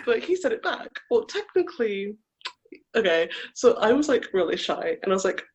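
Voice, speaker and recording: Husky-voiced podcast cohost, rambling through a story, acts out what everyone said. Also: mid-range voice, big pitch swings, normal speed, highs cut off. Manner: rambling storyteller who acts out quoted lines, heavy use of "like". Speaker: podcast co-host. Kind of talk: casual chat, telling a personal story.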